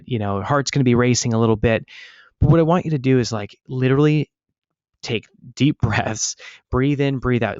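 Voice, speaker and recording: A man's voice: mid-range voice, no room sound. Upbeat man coaching over dull webinar audio. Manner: energetic, encouraging, smiling as he talks.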